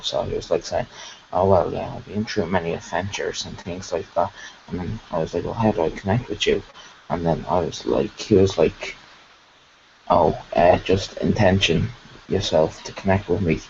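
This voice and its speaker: A man on a video call excitedly recounting a meditation experience in a rambling, casual way, full of fillers. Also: deep voice, vocal fry, muffled recording, a little hiss or hum. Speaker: participant sharing a meditation experience. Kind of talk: casual storytelling.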